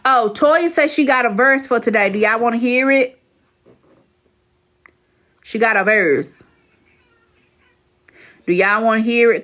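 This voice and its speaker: Woman, live-stream host, slow unhurried talk, teasing chatter, higher voice. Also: a bit bright. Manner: chatty, teasing, drawn-out asides. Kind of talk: casual live-stream chat.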